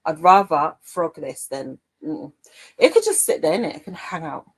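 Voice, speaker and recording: A woman's voice: sits low, very animated, moderate pace, slightly rough, poor audio. A middle-aged woman hosting a craft livestream, chatting casually and reading out viewer comments with a playful manner. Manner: chatty and playful, warm with viewers, trails off and laughs.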